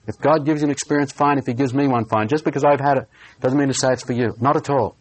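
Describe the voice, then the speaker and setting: A man preaching a sermon, telling a personal story in an earnest way and slowing down on key phrases. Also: medium pitch.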